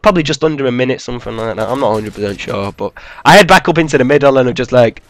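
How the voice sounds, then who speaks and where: A man's voice: mid-range voice, expressive, rapid-fire. A man giving rambling, casual commentary over gameplay footage, swearing freely and filling gaps with "man" and "I don't know". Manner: rambling, profane, laid-back, with many fillers.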